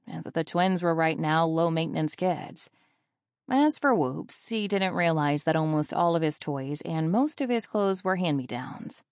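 Woman reading an audiobook, kinda low voice, steady even delivery, dead dry sound. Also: no room sound. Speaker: audiobook narrator. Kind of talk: scripted narration.

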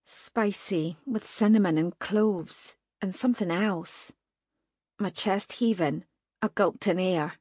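A woman narrating a first-person fantasy audiobook in a tense, even storytelling manner. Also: mid-range voice, slow pace, slightly rough, no echo, clean studio sound.

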